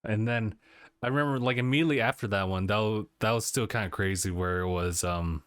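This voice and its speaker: A man's voice: fairly low pitch, fairly quick, smooth, dry recording. A man co-hosting a podcast, chatting casually about video games, laid-back and laughing often, trailing off mid-sentence. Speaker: podcast co-host.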